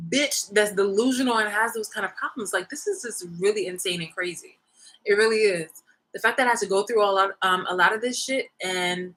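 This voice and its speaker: A woman's voice: medium pitch, a bit bright, rough recording. A young woman vlogging in a rambling, slangy casual rant, swearing freely.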